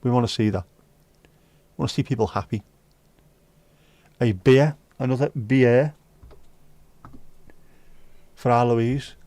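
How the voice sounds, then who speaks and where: Chatty Scouse man, warm mellow voice. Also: medium pitch, slow pace, pauses often, no echo. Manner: chatty, joking, banters with chat and sings snatches. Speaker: livestream host reading chat. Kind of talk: casual chat.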